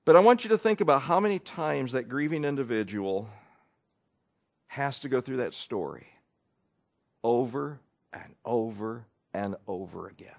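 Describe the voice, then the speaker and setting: A pastor preaching in a folksy, conversational way, wry and quick to act out people's voices. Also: male voice, medium pitch. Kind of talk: conversational sermon.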